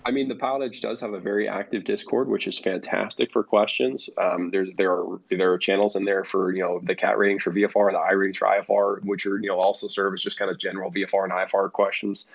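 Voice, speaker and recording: A man's voice: deep voice, level tone, quick pace, creaky, few pauses. A man speaking as a guest for a flight sim network in a casual podcast interview, rambling with many fillers and restarts. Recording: dull lo-fi audio.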